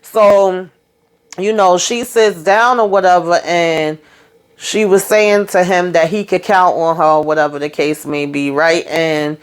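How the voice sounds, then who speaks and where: A woman's voice: on the low side, fairly even intonation, unhurried, smooth. A woman casually recapping a TV drama episode, retelling scenes as quoted dialogue with salty slang. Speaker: YouTube recap host.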